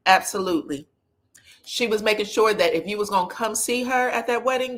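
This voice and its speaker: Woman recap host, casual and sassy, mid-pitched, quotes people with playful flair. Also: moderate pace. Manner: chatty and sassy, quoting people in lively put-on voices.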